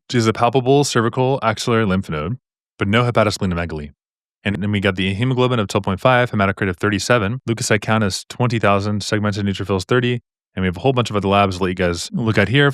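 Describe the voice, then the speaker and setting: Casual, low-voiced man tutoring medicine. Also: no room sound, clean studio sound. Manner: casual, upbeat explaining, with repetitions and slang asides. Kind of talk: live-streamed exam question walkthrough.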